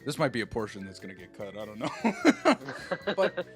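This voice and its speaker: A young man co-hosting a casual podcast chat, rambling and stammering, often breaking into laughter and loud mock outbursts. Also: fairly low pitch, huge pitch swings, normal speed, over music. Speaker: podcast co-host.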